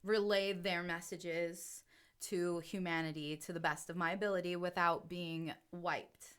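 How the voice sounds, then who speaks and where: Bright, earnest spiritual podcast woman. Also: lowish voice, steady tone, measured pace, clear, resonant tone. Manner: earnest and emotional, often tags "right?". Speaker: podcast co-host and self-described channel.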